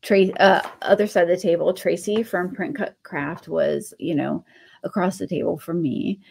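A woman's voice: lowish voice, fairly even intonation, moderate pace, creaky, darkish tone, husky. A middle-aged woman hosting a craft channel, telling a personal story in a rambling, casual way with many restarts.

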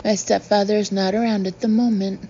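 A woman's voice: mid-range voice, level tone, fairly quick, dark tone, lo-fi sound, a little hiss or hum, close to an everyday voice. A woman voicing a proud young sub captain. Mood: indignant.

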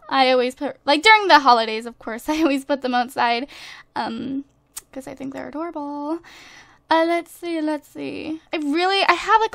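A woman's voice: high voice, fairly bright tone, dry recording. A woman casually commenting while she plays a life-simulation game, bubbly and chatty, gushing to her viewers and laughing often, into a desk microphone. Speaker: gaming YouTuber. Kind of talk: casual let's-play commentary. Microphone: desk USB microphone.

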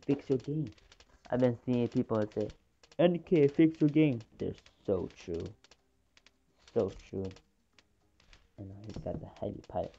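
A woman chatting excitedly through live gameplay commentary, swinging between groans and gloating. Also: rumbling low, breathy edge, highs cut off. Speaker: gaming channel host.

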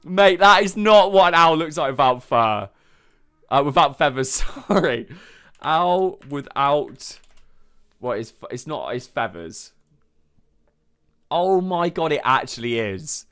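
A man's voice: on the high side, lively intonation, takes it slowly, pauses often, a bit bright, smooth. A man hosting a reaction video. He talks casually, exclaims a lot, swears freely and laughs often.

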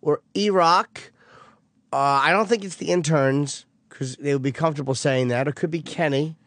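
A man's voice: a little high, moderate pace, fairly bright tone, no room sound. A man on a radio show, trading wry quips. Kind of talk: casual radio banter.

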